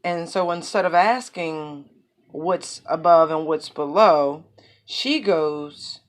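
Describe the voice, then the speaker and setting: A woman with a low, deep speaking voice gives a relaxed tarot reading. She wanders off on tangents and fills her talk with loose asides. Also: slow. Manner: rambling, lots of fillers and asides. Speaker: tarot reader. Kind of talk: casual spoken tarot reading.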